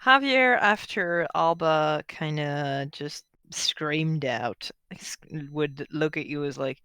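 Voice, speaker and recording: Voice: medium pitch, slow, few pauses, pushed and bright, clear, resonant tone, no echo. A game master running a tabletop game, explaining how characters react at length.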